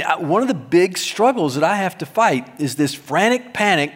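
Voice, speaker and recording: A man preaching a sermon as pastor, emphatic, swinging between loud stressed words and soft low asides, with touches of self-deprecating humor. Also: slightly rough. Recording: long hall reverb.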